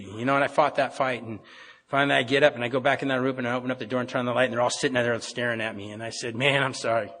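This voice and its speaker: Racing along in a mid-range, fairly bright voice with mostly even intonation, a middle-aged Pacific Northwest man shares his recovery at an AA meeting. He talks plainly and keeps restarting. The recording has the reverb of a meeting hall.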